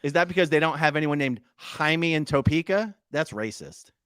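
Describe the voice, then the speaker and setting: A man's voice: a little high, normal speed, a bit bright, clear, resonant tone, no room sound, studio quality. A man co-hosting a casual podcast, playfully teasing and reading out viewer comments in bursts. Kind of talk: casual chat.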